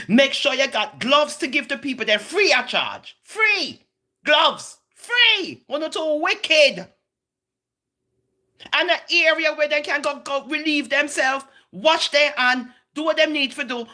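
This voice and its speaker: A woman's voice: fairly high pitch, bright, forceful tone. A middle-aged woman with a Jamaican accent in a casual monologue rant, emphatic and preachy, drifting between Patois and English. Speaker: vlogger.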